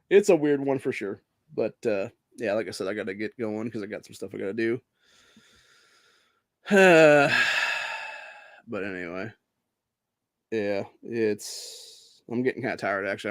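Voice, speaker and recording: A man's voice: on the low side, darkish tone, no echo, studio quality. A man from Ohio hosting a podcast, ranting with constant swearing and rambling asides full of dude and bro. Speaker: podcast host. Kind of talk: profane rant and casual monologue.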